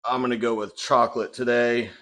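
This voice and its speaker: A man's voice: medium pitch, flat delivery, a little fast, fairly bright tone. A young man chatting casually in a vlog, talking loosely with lots of fillers from his home kitchen. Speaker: bodybuilding vlogger.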